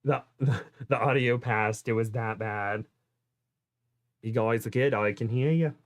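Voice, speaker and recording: A man's voice: mid-range voice, a little slow. A man co-hosting a casual talk stream, reading fan fiction aloud with laughing, self-deprecating asides.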